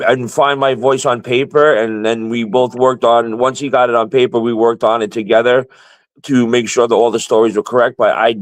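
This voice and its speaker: A man's voice: medium pitch, low-quality recording. A man hosting a casual chat, blunt and easygoing, cursing freely as he talks. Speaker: host.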